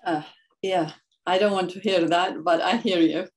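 A woman's voice: fairly low pitch, steady tone, moderate pace, darkish tone. A middle-aged woman moderating a webinar interview, asking questions in a friendly way with hesitant phrasing.

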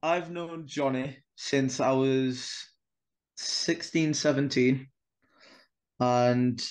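A man's voice: medium pitch, drawn-out words, smooth. A young man spins a story on a podcast, acting out each exchange with plenty of swearing. His voice sits in an ordinary middle register. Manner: animated, swears freely, acts out dialogue. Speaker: wrestler guest.

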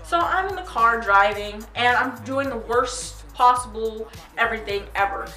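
A teenage girl telling a story to her vlog audience in a chatty, animated way. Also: fairly high pitch, normal speed. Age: teens. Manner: chatty, animated retelling with quoted voices. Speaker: vlogger. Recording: echoey room, mic at a distance, faint music.

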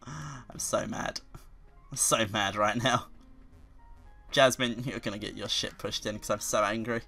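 A man doing video game commentary, excitable and quick to curse, with sudden loud outbursts. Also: on the low side, gravelly, soft background music. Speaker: let's play commentator.

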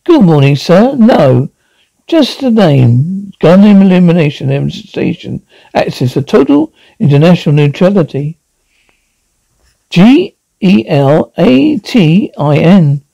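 A man's voice: a little high, very animated, normal speed, vocal fry, warm tone, dry recording, lo-fi sound, heavily acted. A man voicing a nervous young door-to-door activist who stammers through polite explanations.

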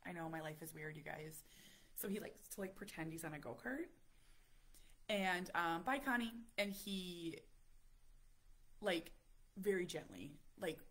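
A woman in her thirties chatting casually with live viewers, telling an animated story and saying "like" a lot. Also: lowish voice, breathy edge. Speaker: vlogger talking to live viewers.

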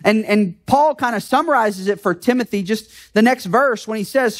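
A male American pastor with a high-pitched voice preaches a sermon at normal speed. His style is earnest and conversational, and he often poses rhetorical questions to the congregation.

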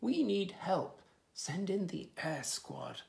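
A man voicing a brisk female dinosaur police inspector in a storybook reading, firm and businesslike. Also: a little high, creaky.

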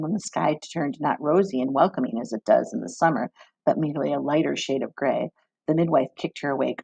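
A woman reads a novel aloud in a measured storybook narration. Her voice has a gravelly, husky texture. The recording is dry and close. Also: deep voice, a little mellow, no room sound, rough recording. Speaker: reader.

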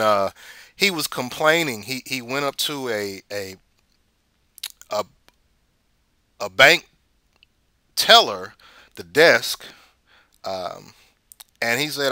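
A man's voice: mid-range voice, bright, forceful tone, no echo, clean studio sound. A man hosting a casual money commentary show, rambling and repeating words as he tells stories.

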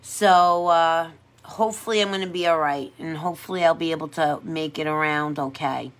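A woman's voice: low voice, steady tone, normal speed. A woman who works as a pedicure technician, chatting casually on a livestream in a sassy, playful way and laughing often.

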